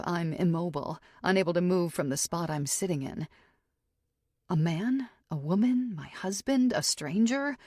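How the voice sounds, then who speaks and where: A woman narrating a thriller audiobook in the first person, in a steady, intimate way. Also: low-pitched, dry recording, studio quality.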